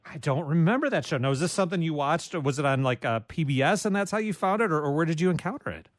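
A man hosts a radio call-in show in a chatty, self-deprecating way, with quick interjections between callers. His voice sits a bit high for a man. The studio sound is dry and close on the microphone. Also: lively intonation, dry recording. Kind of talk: casual radio call-in chat.

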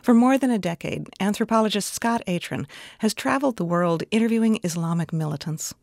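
A woman hosting a broadcast interview, reading a scripted intro and asking measured questions that sum up her guest's points. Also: mid-range voice, vocal fry, a little mellow, no room sound, studio quality. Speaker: interviewer, host.

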